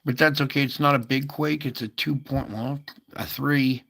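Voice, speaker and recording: A man's voice: mid-range voice, steady tone, moderate pace, vocal fry, fairly bright tone. A man hosting a casual earthquake update, thinking aloud over maps with many fillers and asides. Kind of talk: casual screen-share commentary.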